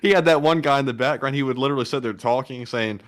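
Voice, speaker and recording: Casting: a man, mid-pitched, easygoing co-host reading chat questions on a live stream. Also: quick pace. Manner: keeps tacking on a joking catchphrase.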